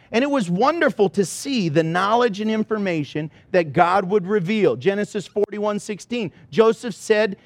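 A man preaching a sermon, telling personal stories in an animated way and acting out the dialogue. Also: high voice, no room sound. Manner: animated storyteller who acts out dialogue.

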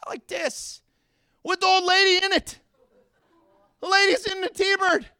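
A man preaching a sermon as pastor, telling stories in an animated way, with loud, high outbursts, and joking and laughing between points. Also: unhurried, dry recording, studio quality. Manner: animated storytelling, gets loud and high acting out scenes.

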